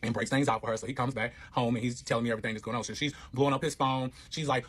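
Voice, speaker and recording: A man's voice: mid-range voice, very fast, hardly any pauses, husky. A man telling a personal story in casual, profanity-laced storytime fashion, animatedly acting out what everyone said. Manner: animated, profane, acts out quotes. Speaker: storyteller recounting his relationship.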